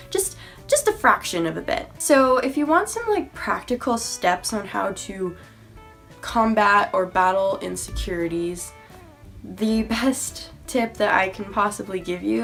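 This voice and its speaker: A young woman talks straight to her viewers in a sincere, encouraging way, often trailing into fillers like "you know." Her voice sits at an everyday middle pitch. Quiet music plays faintly under her. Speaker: faith vlogger. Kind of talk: earnest encouraging talk to camera.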